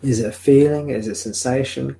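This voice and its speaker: A man leading a live spiritual talk, guiding a listener with gentle, repeated questions. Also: medium pitch, fairly even intonation, brisk, creaky. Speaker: spiritual teacher. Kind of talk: live satsang guidance. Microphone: video call or webcam.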